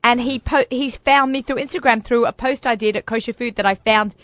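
A woman's voice: a little high, steady tone, a little fast, no echo. A chatty woman in her forties hosts a talk show in a slightly raised voice, bubbling over with enthusiasm and laughing often. The sound is dry and a bit dull. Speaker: radio show host. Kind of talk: casual chat.

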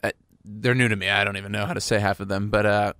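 A man's voice: fairly low pitch, level tone, fast talker, fairly bright tone, smooth, no room sound. A man hosting a radio show, chatting casually in a rambling, playful, self-mocking way at a studio microphone.

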